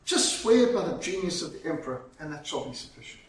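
A man's voice: on the high side, very animated, a little fast. A man voicing a threatening Roman official who speaks in a commanding way. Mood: coaxing. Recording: very echoey, from far off.

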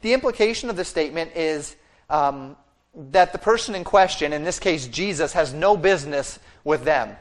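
Pastor guy preaching, voice a bit on the high side, walks through the passage and voices the quotes. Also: lively intonation, normal speed. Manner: expository preaching with fillers and restarts, acting out quoted speech. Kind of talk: sermon.

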